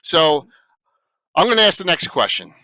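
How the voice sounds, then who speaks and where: A man hosting a casual panel chat on a video stream, talking in a halting way with many fillers. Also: fairly high pitch, sing-song, pushed and bright, no room sound. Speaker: host.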